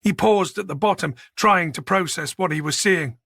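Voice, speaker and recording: Man, audiobook narrator, gravelly, bright tone, dry close recording. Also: high-pitched, normal speed, dry recording. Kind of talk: scripted narration.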